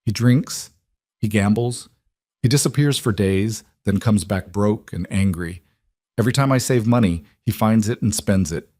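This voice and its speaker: A man voicing a poor young frontier woman who talks in a guarded, flat way that rises when she is pressed. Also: fairly low pitch, moderate pace, no room sound, studio quality, lightly acted. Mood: bitter.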